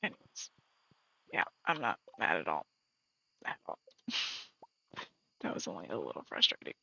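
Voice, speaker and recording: Husky-voiced woman streamer muttering to herself. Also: extremely low pitch, big pitch swings, moderate pace. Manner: mutters to herself, drifting into soft whispers. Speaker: game streamer. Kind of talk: casual gameplay chatter. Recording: slightly muffled lo-fi stream audio. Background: faint game music.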